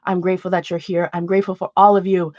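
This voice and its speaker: A woman hosting an art channel, talking casually to her viewers in a halting, emotional way, close to tears. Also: fairly low pitch, little pitch movement, darkish tone, dry recording, dull audio. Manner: emotional, halting, many restarts. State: near tears. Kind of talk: casual livestream chat to viewers.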